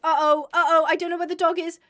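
A woman's voice: very high voice, level tone, quick pace, bright, forceful tone. A young woman streaming a game live, chatting to viewers and gushing and squealing over cute animals.

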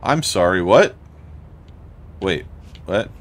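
A man's voice: sits low, expressive, slow pace. A young man commenting casually on his gameplay, thinking aloud and swearing often. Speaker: let's play gamer.

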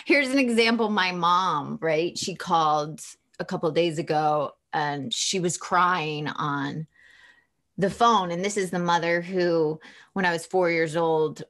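A woman's voice: fairly low pitch, measured pace, fairly bright tone. A woman, a guest author, telling a personal story in an open, emotional way and acting out the voices she quotes.

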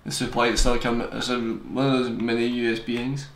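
A man reviews tech products in a fast, joking, digressive ramble, though his mid-range voice has a flat delivery. The recording sounds roomy, with echo and a faint hiss.

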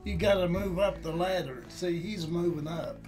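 A man's voice: sits high, moderate pace. An older man, the host's father, chatting in a folksy, teasing way while the family plays a game. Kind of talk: casual chat. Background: game music.

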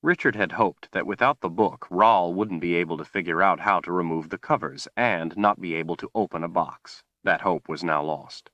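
A man reading an audiobook as its narrator, in steady, expressive scripted narration. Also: low voice, normal speed, hardly any pauses, no room sound, highs cut off.

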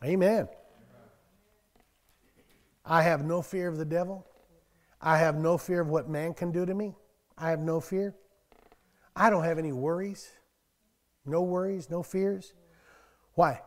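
Older male pastor, slightly high voice, folksy and conversational, loud scripture bursts, long hall reverb. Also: fairly even intonation, unhurried, pauses often. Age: 60s. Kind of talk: conversational sermon.

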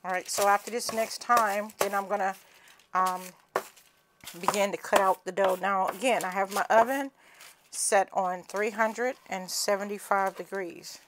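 A woman's voice: medium pitch, fairly even intonation, unhurried, noisy background. A woman with a Southern US accent, chatting folksily through a home cooking demonstration and calling viewers honey and cousin.

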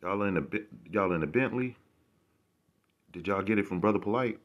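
A man's voice: fairly low pitch, normal speed. A man vlogging to camera, ranting casually with rambling, profane and sarcastic remarks.

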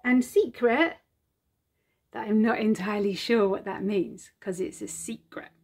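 A woman's voice: mid-range voice, unhurried, a little mellow. A woman vlogging an unboxing and playing a retro game at home, gushing, squealing and laughing often. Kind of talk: excited unboxing and gameplay chat. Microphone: phone.

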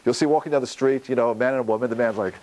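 A man, a rabbi, giving a Torah lecture on prayer, animated, posing questions and answering them himself. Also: mid-range voice, rapid-fire, slight background noise, poor audio. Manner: animated, gestures while talking, asks and answers own questions.

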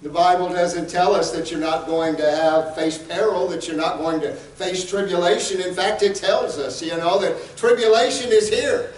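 Fervent high-voiced preacher man, echoey room. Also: steady tone, normal speed, few pauses, recorded from a distance, slight background noise. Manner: fervent preaching, swelling to shouts. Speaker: pastor. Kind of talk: sermon.

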